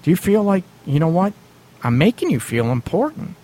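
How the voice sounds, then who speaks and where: A man's voice: sits high, sing-song, moderate pace, dark tone. Brief: male radio advice host, blunt and casual, laughs a lot, acts out quotes. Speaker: radio show host giving relationship advice.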